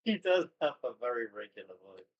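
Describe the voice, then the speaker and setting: Brief: playful man player, lively intonation, laughs easily. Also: medium pitch, fairly quick, muffled recording. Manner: joking, laughs often. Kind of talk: casual tabletop game chat.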